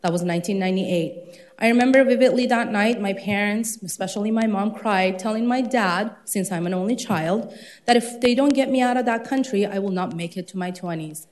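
A woman's voice: medium pitch, brisk, a little mellow. A woman in her thirties from Iran, earnest and slightly out of breath, giving a public comment at a city council meeting. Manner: earnest, impassioned.

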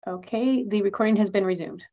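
A woman's voice: medium pitch, fairly quick, dark tone. A woman running the meeting's recording, giving matter-of-fact procedural announcements. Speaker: meeting technician. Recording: dull lo-fi audio.

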